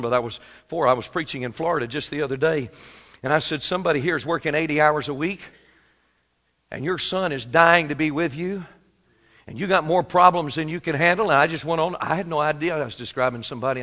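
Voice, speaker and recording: A man in his fifties preaching a sermon, moving from quiet storytelling to shouted exhortation. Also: fairly high pitch. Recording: long hall reverb.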